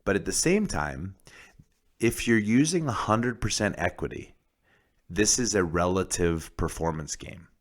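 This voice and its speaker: A man's voice: deep voice, animated, measured pace. A man hosting a casual podcast about the oil industry, talking bluntly and profanely with lots of fillers and restarts.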